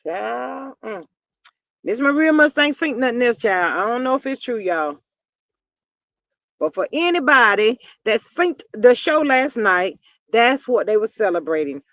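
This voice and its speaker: A woman's voice: fairly high pitch, big pitch swings, measured pace, a bit bright, dry recording. Chatty older woman gossip host, dry mic. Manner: chatty and drawling, acts out quoted people in voices. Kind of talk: casual gossip commentary to viewers.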